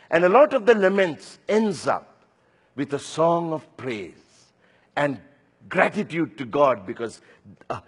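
Husky man in his sixties preaching. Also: a little high, big-room sound. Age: 60s. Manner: earnest, personal storytelling with scripture quotes. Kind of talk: sermon.

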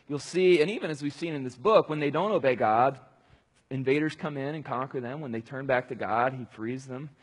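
A man with a fairly high, breathy voice preaches a conversational sermon, rambling casually with lots of fillers and restarts. The recording carries a long hall reverb.

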